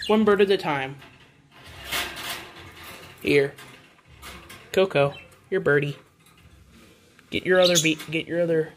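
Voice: medium pitch, slow, long pauses, a little hiss or hum. A pet vlogger at home by the birdcages, coaxing the birds in casual, sing-song baby talk.

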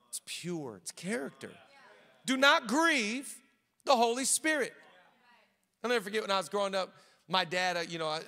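A man with a high, bright voice delivers a lively sermon, slipping into quoted voices as he tells stories. His words ring out through a large church hall with long reverb. He preaches with quick, animated energy. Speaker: pastor.

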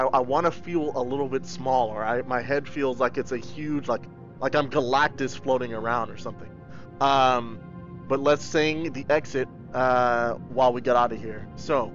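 A man hosting a livestream, giving casual game commentary in an excitable, goofy way and thinking aloud. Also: medium pitch, highs cut off. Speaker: livestream host.

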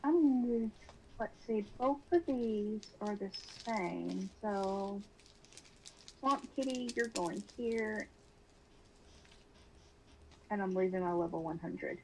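A woman's voice: mid-range voice, slow pace, long pauses, slight background noise, low-quality recording. A woman guest on a casual stream, chatting in an easygoing, giggly way.

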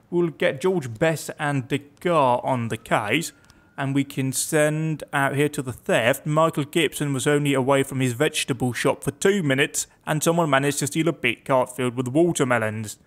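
A man's voice: medium pitch, normal speed. A young man giving casual, chatty commentary on a game, reading its text aloud with wry asides. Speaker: let's play gamer.

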